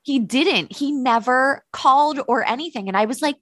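A woman co-hosting a podcast, telling stories in a lively, casual way, swearing and laughing often. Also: high voice, normal speed, no echo, studio quality. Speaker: podcast co-host. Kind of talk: casual chat.

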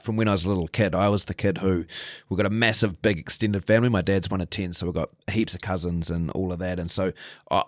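Man, 30s, very low voice, laid-back rambling talk, interview guest, dry recording. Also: no echo. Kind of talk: candid interview conversation.

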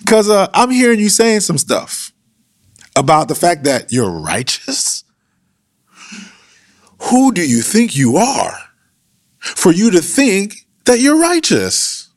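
A man's voice: sits high, huge pitch swings, takes it slowly, long pauses, no room sound, studio quality, voice pushed up, full character voice. A man voicing a brash, streetwise young male challenger who scolds in slangy, confrontational talk.

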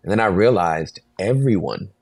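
A man's voice: low-pitched, moderate pace, creaky, dry recording. A man in his forties, a pastor and podcast guest, telling a story animatedly and acting out voices. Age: 40s. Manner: animated storyteller, acts out voices, laughs often.

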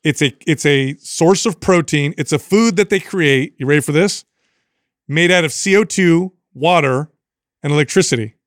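A young man hosts a casual podcast, telling stories with animated energy and an easy, profane edge. His voice sits a little high for a man. He is close-miked in a dry, dead room. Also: normal speed, no room sound. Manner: animated storyteller, swears casually. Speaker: podcast host.

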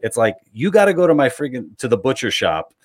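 Give me a New York man hosting a podcast in casual chat, halting with uhs and repeated words before landing his jokes. His pitch sits in the middle of the male range. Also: sing-song. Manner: hesitant, many uhs and repeats, then punchy jokes. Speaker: podcast host.

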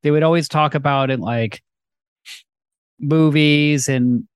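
A man's voice: on the high side, fairly even intonation, takes it slowly, clean tone, no echo. A young man co-hosting a casual movie review chat, rambling with lots of fillers and film references. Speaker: podcast co-host.

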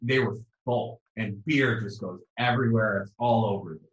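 Low-voiced man on a roomy dull call. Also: moderate pace. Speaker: guest. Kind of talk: casual chat.

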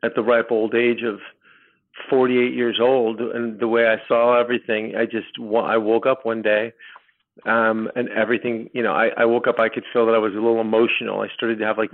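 Gravelly man on a tinny phone line. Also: mid-range voice. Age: middle-aged. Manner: rambling, halting with many restarts. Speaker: podcast guest. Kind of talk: personal storytelling.

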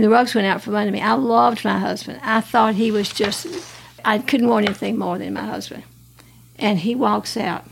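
A woman's voice: medium pitch, gravelly, slightly rough. A woman, telling her life story earnestly with restarts and laughs. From Alabama, US. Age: 80s. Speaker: guest sharing her testimony. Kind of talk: personal testimony.

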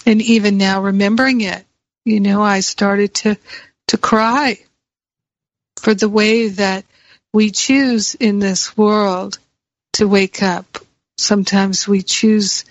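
A woman's voice: medium pitch, steady tone, slow, no room sound. A woman giving a reflective spiritual teaching talk, repeating key phrases for emphasis. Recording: dry, slightly muffled recording.

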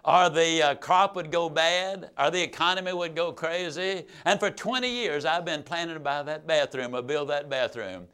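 A man's voice: on the high side, normal speed, hardly any pauses, sharp tone, smooth. A man doing a stubborn, plain-spoken old farmer. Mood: earnest. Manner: folksy rural speech, earnest.

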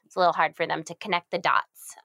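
A woman in her thirties giving parenting advice in a casual chat, acting out simple baby talk with big leaps in pitch. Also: flat delivery, fast, gravelly, sharp tone, no echo.

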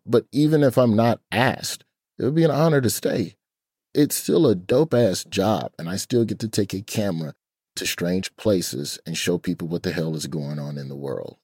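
A man's voice: fairly low pitch, a little mellow, husky, dry recording, studio quality. A man from Alabama, a comedian in his forties, talking candidly and laid-back with loose slang. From Birmingham, Alabama, US. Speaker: comedian guest. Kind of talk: casual interview talk.

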